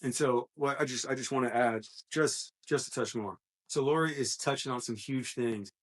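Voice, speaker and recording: A man's voice: mid-range voice, normal speed, fairly bright tone. A young man, a gym coach, speaks on a casual podcast in an ordinary mid-range voice. He is earnest and encouraging and often restarts a sentence as he works out what to say. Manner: earnest, motivational, thinks aloud with restarts.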